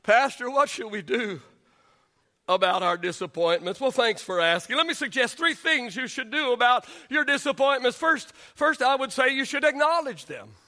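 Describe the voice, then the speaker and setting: A middle-aged male pastor preaching a sermon, repeating his words and building to shouts on key lines. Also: extremely high pitch, lively intonation, moderate pace.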